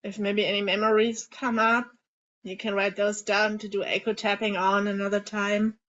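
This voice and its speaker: A woman coaching a group through emotional tapping, guiding gently and voicing example feelings aloud. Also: medium pitch, level tone. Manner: slow, soothing guidance with emotive example lines. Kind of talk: guided group coaching session. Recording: slightly dull lo-fi call audio.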